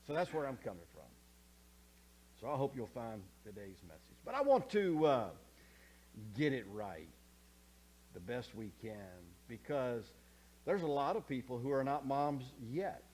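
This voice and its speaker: A man preaching a sermon as pastor, conversational, often checking in with the congregation, swinging from soft asides to loud emphatic scripture quotes. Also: mid-range voice, a little slow. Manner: animated, conversational preaching with frequent check-ins.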